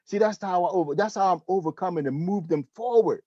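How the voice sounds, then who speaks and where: Man, sales trainer, emphatic coaching, high voice, mellow tone. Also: fast talker, few pauses, no room sound, lo-fi sound. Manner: emphatic coaching, repeats "okay?" and "listen".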